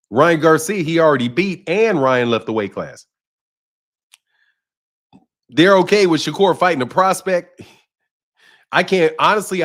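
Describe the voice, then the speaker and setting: A man casually talking boxing on a livestream, reading and answering chat comments, often repeating himself. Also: on the high side. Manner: conversational, repeats himself, addresses chat by name.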